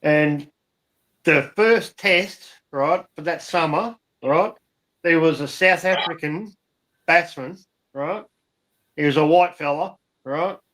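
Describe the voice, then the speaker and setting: A man's voice: fairly high pitch, slow, a bit bright, poor audio. A middle-aged Australian man hosting a live stream chat, blunt and sweary, tagging "right?" and "mate" onto his sentences. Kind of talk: casual chat.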